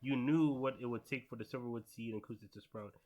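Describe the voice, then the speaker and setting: A man reading aloud the lines of a calm, guarded male wizard teacher from a manga in a quiet, lower voice. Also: fast talker, lightly acted. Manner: quiet, low read-aloud delivery.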